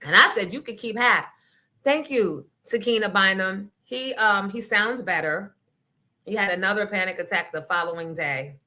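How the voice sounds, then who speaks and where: Woman, talk show host, blunt, profane, emphatic, bright voice. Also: medium pitch, moderate pace. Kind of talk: casual livestream rant.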